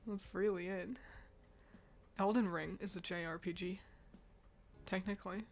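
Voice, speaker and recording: A woman's voice: medium pitch, steady tone, slow pace, pauses often. Chatty, swearing woman streamer. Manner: chatty, swears, laughs and sighs often. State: stuffy nose, yawning. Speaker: streamer reacting to game awards. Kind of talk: casual live-stream chat.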